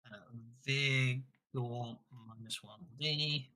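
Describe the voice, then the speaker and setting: A man's voice: medium pitch, steady tone, extremely slow, pushed and bright. A man running a tabletop role-playing game over a voice call, chatty and easygoing, explaining rules with fillers. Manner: chatty, rulings with fillers and laughs. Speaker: game master.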